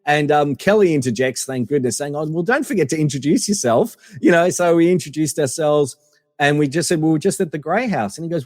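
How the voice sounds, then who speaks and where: A man's voice: fairly high pitch, animated, brisk, no echo, studio quality, big-room sound. A man guest telling casual anecdotes in a rambling way, full of fillers and restarts. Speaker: podcast guest.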